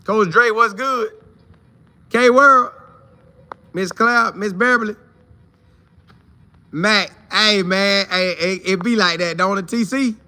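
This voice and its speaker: Bright-voiced man hosting a casual fan stream. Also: high-pitched, measured pace. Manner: greets viewers by name, repeats phrases for emphasis. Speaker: host of a college football fan show. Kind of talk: casual live-stream chat reading viewer comments.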